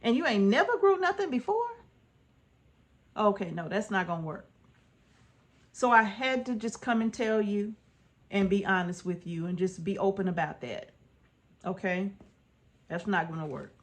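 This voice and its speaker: She speaks at a medium pitch and moderate pace, pausing often. A homestead vlogger, she gives her audience earnest, casual advice in folksy, informal language, repeating herself and checking in with "right?"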